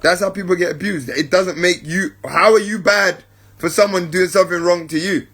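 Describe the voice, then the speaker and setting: Husky-voiced man musing on peace. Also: high-pitched, a bit bright. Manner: keeps checking in with listeners, addresses them as family; unhurried, repeats points for emphasis. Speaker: podcast host. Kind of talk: reflective spiritual talk.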